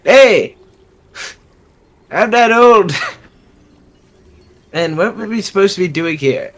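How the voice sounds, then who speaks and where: A man playing a character in a tabletop game, cocky and joking, quick to laugh. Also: high-pitched, expressive, fairly bright tone. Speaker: player.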